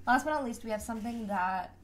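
A woman's voice: a little high, fast. A young woman from Canada co-hosting a snack tasting video, joking in easygoing casual chat. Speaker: co-host of a snack tasting channel.

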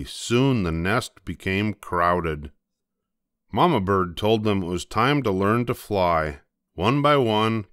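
An older man gently reading a children's picture book aloud, slowing down for the dramatic moments. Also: lowish voice, dry recording, clean studio sound. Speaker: storybook reader.

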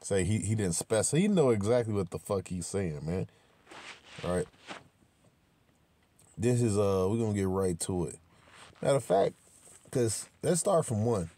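A man giving informal, emphatic scripture commentary, talking with many repetitions and restarts, swearing freely and slowing down to read verses aloud. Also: on the low side, expressive, mellow. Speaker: religious commentator.

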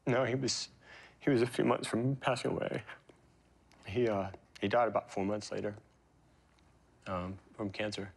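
A man in his forties, a guest in an interview, telling personal stories in a halting, emotional way with many fillers and restarts. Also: lowish voice, flat delivery, vocal fry. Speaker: interview guest, pro surfer. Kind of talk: reflective interview storytelling.

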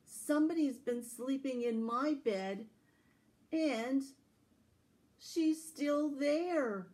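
A woman voicing a small, eager young bear cub in a read-aloud fairy tale, in a squeaky, excited storytelling voice. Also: very slow. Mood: indignant.

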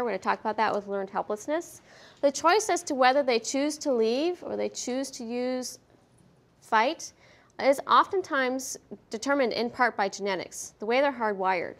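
A woman giving a veterinary behavior lecture at a conference, lively and questioning the audience, acting out what the dogs feel. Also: medium pitch, gravelly. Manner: lively, asks the audience questions, acts out dogs' thoughts. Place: conference hall.

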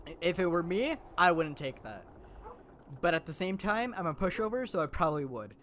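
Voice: mid-range voice, animated, fairly quick, fairly bright tone, slight background noise. A gameplay commentator chatting casually and playfully to viewers, rambling, giggling often and joking about themself.

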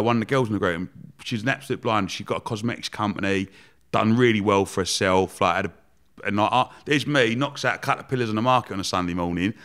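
A young man telling a story in a casual interview, animated and swearing, acting out the people he quotes. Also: lowish voice. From Romford, England. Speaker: guest entrepreneur.

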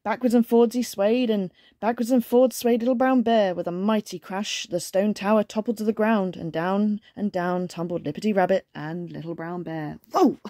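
A woman's voice: mid-range voice, steady tone, normal speed, hardly any pauses, dark tone, dry recording, studio quality. Sex: woman. Style: cheerful bedtime story reading.

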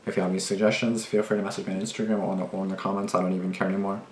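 A man's voice: low-pitched, flat delivery, very fast, darkish tone, a little hiss or hum. A young man hosting a reaction video, talking casually in a rambling, agitated way with plenty of swearing and restarts. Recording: echoey room.

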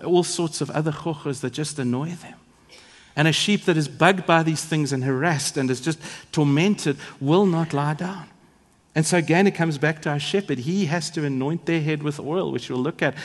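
A man preaching in a big church, his voice sitting a little high for a man. He leans into words for emphasis, then drops soft, and the long reverb of the hall trails every phrase. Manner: emphatic, rising and falling in volume for effect. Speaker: pastor. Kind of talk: sermon.

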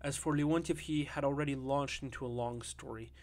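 A man's voice: medium pitch, fairly even intonation, brisk, darkish tone. Man reading a literary audiobook. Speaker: audiobook narrator. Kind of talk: scripted literary narration.

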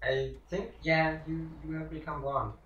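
A man's voice: fairly high pitch, level tone, measured pace, fairly bright tone, roomy sound, recorded from a distance, highs cut off. A man hosting a casual chat while playing a video game, joking and chatty, trailing off with fillers. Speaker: host. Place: indoors at home in an apartment.

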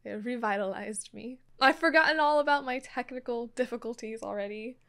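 A woman hosting an anime reaction video, chatting casually and breaking into gasps, laughs and loud exclamations. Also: fairly high pitch, brisk. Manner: excitable, gasping, laughing and exclaiming often. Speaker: anime reaction channel host.

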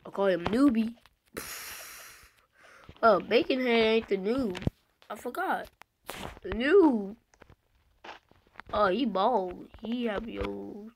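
A woman playing an online game, slightly hoarse from being sick, excitedly calling out what happens on screen. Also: medium pitch, takes it slowly, long pauses, slight background noise, low-quality recording. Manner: excitable, shouting out reactions to the game. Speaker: gamer.

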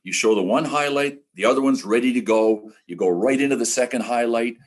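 Older man, husky voice, lively anecdote-telling, podcast guest. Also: mid-range voice, a little fast. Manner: animated, acts out quoted voices. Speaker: guest, retired hockey broadcaster. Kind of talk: casual podcast storytelling.

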